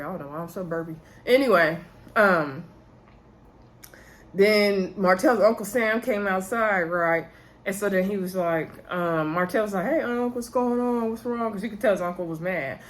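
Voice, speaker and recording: A woman's voice: medium pitch, fairly bright tone. A woman, casually recapping a reality show episode and talking straight to her viewers. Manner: chatty, addresses viewers as y'all.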